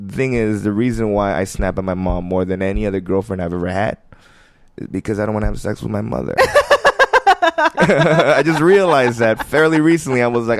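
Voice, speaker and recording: A low-voiced American man in his thirties, gravelly at the edges, tells a long, rambling story in a loose podcast chat. He laughs easily and acts out both sides of the conversation. The sound is dry and close. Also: no room sound. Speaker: comedian and filmmaker guest. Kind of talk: casual podcast interview.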